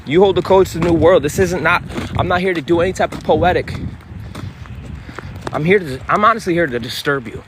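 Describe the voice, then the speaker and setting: A man's voice: fairly high pitch, fairly quick, long pauses. A man giving an intense, profane, confrontational motivational monologue outdoors by a street. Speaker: spiritual vlogger. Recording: street noise behind.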